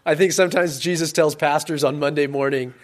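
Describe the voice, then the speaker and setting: A man with a slightly high voice delivers a relaxed, conversational sermon as a youth pastor. He pushes some points out loud and with energy, then drops to soft, quiet asides. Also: a little fast. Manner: casual and animated, swings between loud emphasis and quiet asides.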